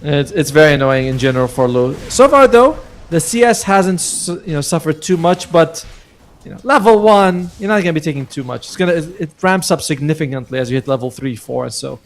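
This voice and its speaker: A man's voice: a little high, animated, fairly quick. A man commentating a live esports match, chatty and joking as he breaks down the play. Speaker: esports caster.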